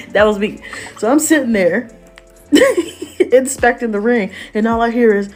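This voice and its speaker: Animated slangy woman telling a story. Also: a little high. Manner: lively, slangy, laughing asides.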